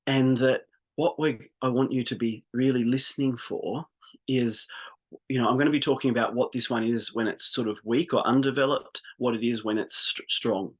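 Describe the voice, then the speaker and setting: A man coaching a live group session on business growth. He talks in an upbeat, informal way and guides the group as he goes. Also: medium pitch.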